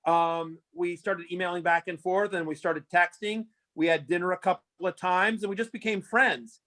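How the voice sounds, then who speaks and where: A high-pitched man talking at normal speed appears as a fantasy sports analyst guest in a casual interview, spinning rambling, animated stories riddled with fillers and restarts.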